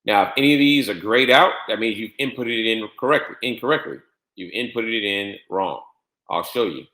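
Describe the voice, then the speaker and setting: A man giving a step-by-step screen-share tutorial on trading software, repeating instructions and spelling out letters. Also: fairly low pitch, fairly quick. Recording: echoey room.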